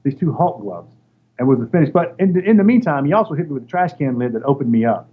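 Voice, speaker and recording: Fast and on the high side, with a breathy edge, this animated man tells a casual story as an interview guest. He's a former wrestler who acts out the voices he quotes. The recording is dull and lo-fi, with faint noise.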